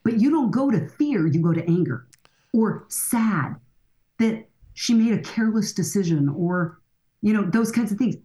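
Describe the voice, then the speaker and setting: A woman counselor talking as an interview guest, her voice sitting at an everyday middle pitch. She explains with energy and easily slips into quoted voices. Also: animated, moderate pace, mellow. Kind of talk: interview conversation.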